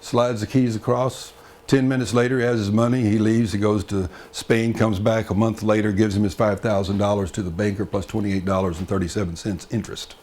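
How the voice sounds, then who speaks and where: Guy telling folk stories to a crowd in a room, chatty, lowish voice. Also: level tone, fairly quick, a little mellow. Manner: chatty, with frequent fillers and asides to the audience. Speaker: storyteller. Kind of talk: live folk-tale storytelling.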